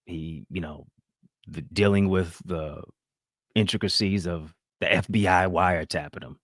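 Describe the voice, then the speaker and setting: A man's voice: low voice, fairly even intonation, a little slow, fairly bright tone, no room sound, clean studio sound. A man hosting a talk show, giving emphatic, preacher-like motivational commentary.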